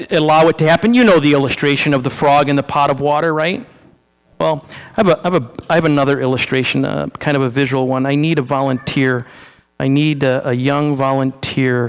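During a conversational sermon built around a live demonstration, a male pastor talks with his congregation, repeatedly restarting and repeating words. His voice is fairly high and clean. The church sanctuary gives the recording a long, large-hall reverb.

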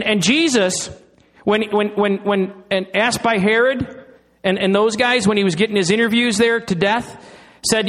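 A middle-aged male pastor preaching a sermon, slowing down for emphasis and pausing dramatically. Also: high voice, a bit bright. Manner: dramatic pauses, slowing on key phrases.

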